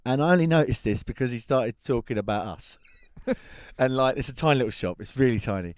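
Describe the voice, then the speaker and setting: An English man recounts a story on a casual podcast, with a middle-pitched voice and a lively, chatty delivery. The sound is close and dry, with almost no room. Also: a little fast, no room sound. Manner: animated storyteller, laughs through his tale. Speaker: podcast co-host. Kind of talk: casual chat, anecdote telling.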